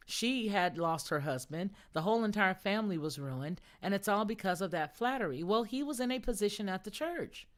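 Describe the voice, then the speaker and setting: A middle-aged woman hosting a casual live-stream chat, talking emphatically and answering viewer comments. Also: on the low side. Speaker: host.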